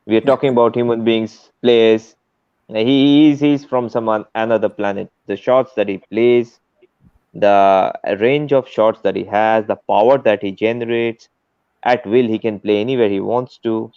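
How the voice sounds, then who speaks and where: Low gravelly man, cricket panelist, emphatic, dry lo-fi audio. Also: fairly even intonation, normal speed, a little mellow, no echo. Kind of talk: casual cricket chat. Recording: dull dry lo-fi mic.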